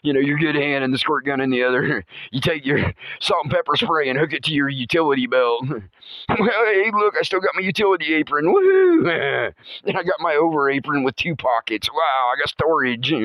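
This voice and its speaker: A man narrating a comic horror story, chuckling often as he tells it in a playful, animated way. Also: on the high side, moderate pace, dry recording, lo-fi sound. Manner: chuckles through his telling, animated and playful.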